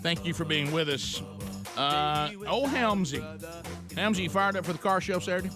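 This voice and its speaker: A man's voice: on the high side, lively intonation, normal speed, music in the background. A man hosting a radio talk show, chatting casually and laughing often with his guests. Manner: easygoing, laughs often, friendly banter. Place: radio studio.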